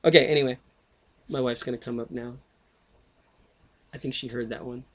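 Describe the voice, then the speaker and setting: A man in a mid-pitched voice talking into a headset, swearing in nearly every sentence. He drifts from one tangent to the next and keeps cutting himself off mid-thought. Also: fairly even intonation, moderate pace, fairly bright tone, slight background noise. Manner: swears constantly, tangents, self-interrupting. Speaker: video host. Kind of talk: profane rambling monologue.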